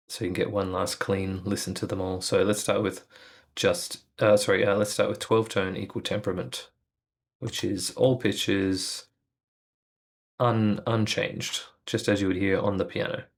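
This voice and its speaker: Guy with a lowish voice walking thru a music lesson, calm and musing, lots of ums. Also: a little slow, gravelly. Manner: thoughtful, calm, musing explanations with frequent fillers. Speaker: music educator. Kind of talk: explanatory video lesson.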